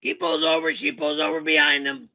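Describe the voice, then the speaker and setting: High bright yelling dude character, rambling and swearing a lot, muffled stream audio. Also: male voice, little pitch movement, brisk. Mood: ranting. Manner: rambling storytelling with frequent shouting and swearing. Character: loud yelling middle-aged man character. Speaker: show host.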